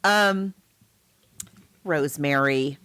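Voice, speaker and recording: A woman co-hosting a casual podcast, talking in an animated and wry way with sarcastic asides. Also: low-pitched, extremely slow, clean tone. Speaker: podcast co-host. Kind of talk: casual book-versus-movie chat.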